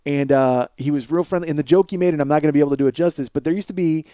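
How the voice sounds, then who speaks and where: Man, rambling storyteller, profane, casual podcast, slightly high pitch. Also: very fast, mellow, smooth, no echo. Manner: rambling and profane, with lots of filler. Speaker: podcast host. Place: home studio at night.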